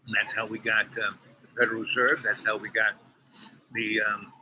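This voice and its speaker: A man's voice: lowish voice, level tone, moderate pace, sharp tone, slight background noise, low-quality recording. A man hosting his own show, rambling opinionated commentary while eating breakfast with his mouth full. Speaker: online show host.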